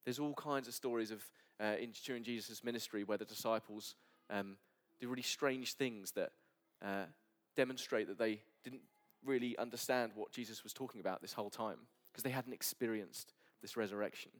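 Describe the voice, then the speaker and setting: Earnest low-voiced male preacher. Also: moderate pace, few pauses. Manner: earnest, drops to soft near-whispers. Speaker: pastor. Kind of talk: sermon. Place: church service.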